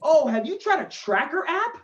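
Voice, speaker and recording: A man's voice: very high voice, big pitch swings, normal speed, fairly bright tone, muffled recording, pitched above the performer's own voice, full character voice. A male comedian voicing a chipper, pushy stranger who talks in a breezy, oblivious way. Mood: oblivious cheer. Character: chipper pushy young man, a stranger after a show.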